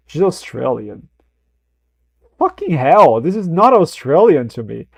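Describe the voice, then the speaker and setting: A man's voice: fairly high pitch, sing-song, unhurried, gravelly, pauses often, dry recording, studio quality. A man streaming casual reaction commentary, rambling, swearing freely and laughing at himself. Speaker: streamer reacting to a film clip.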